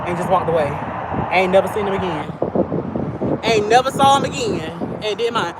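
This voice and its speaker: A trans woman who lives in her car, chatting in slangy storytelling on a phone livestream while she walks outdoors in a field near a highway. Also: moderate pace. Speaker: vlogger living in a car. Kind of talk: casual livestream chat. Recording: loud outdoor traffic noise. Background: highway traffic.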